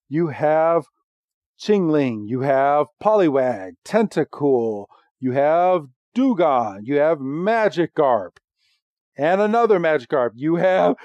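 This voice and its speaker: A man co-hosting a podcast, casually recapping a cartoon episode with lively retelling. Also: no room sound. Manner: animated recap, doing squeaky character voices. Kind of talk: casual chat.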